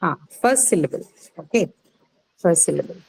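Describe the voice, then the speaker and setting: A woman teaching word stress to a class, repeating each word slowly and quizzing her students patiently. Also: lowish voice, animated, vocal fry, a little mellow, slight background noise, low-quality recording. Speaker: English teacher.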